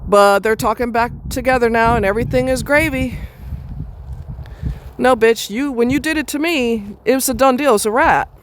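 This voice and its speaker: A woman's voice: on the high side, normal speed, a little hiss or hum. Woman, vlogger, casual venting, blunt and profane, rambling. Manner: rambling with restarts and fillers.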